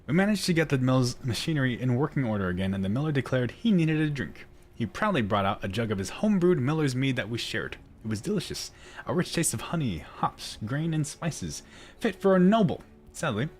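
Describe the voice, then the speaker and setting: A man's voice: mid-range voice, big pitch swings, brisk, faint music behind. A man hosting a video game let's play, reading story text aloud and chatting, laughing and stumbling over words as he reads. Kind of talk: casual gaming commentary and reading lore aloud.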